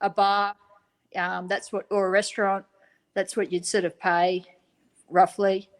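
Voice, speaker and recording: A woman from Australia in a casual chat, relaxed and hesitant, with many fillers. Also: medium pitch, a little slow, poor audio.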